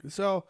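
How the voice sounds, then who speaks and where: A man's voice: no echo, clean studio sound. A man with a cough, hosting a casual online chat and ranting with lots of swearing and exasperation. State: sick with a cough.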